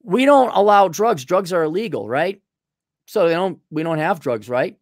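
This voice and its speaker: A man's voice: high voice, animated, normal speed, dry recording, clean studio sound. A man giving a profane, heated and mocking rant as a political commentator on a livestream.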